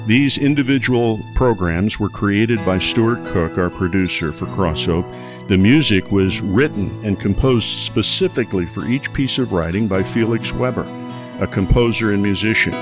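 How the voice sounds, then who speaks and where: A man's voice: fairly low pitch, moderate pace, over music. A man preaching a radio sermon, telling a story earnestly and rising in emphasis on his key points.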